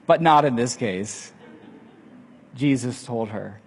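A man preaching a sermon, telling a story in lively fashion and acting out the lines of the people in it. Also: a little high, normal speed, husky. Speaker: pastor. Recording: long hall reverb.

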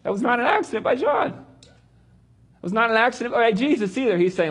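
Man, Bible teacher, husky voice, lively swooping pitch, conversational. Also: a little fast. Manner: conversational, acts out quotes. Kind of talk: animated teaching on reading Scripture.

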